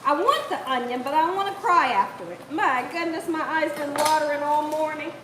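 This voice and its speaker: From her home kitchen, a woman hosts a live cooking stream, speaking a little fast in a high voice. She's chatty and laughs often while reading the chat aloud, and the audio is reverberant and very noisy.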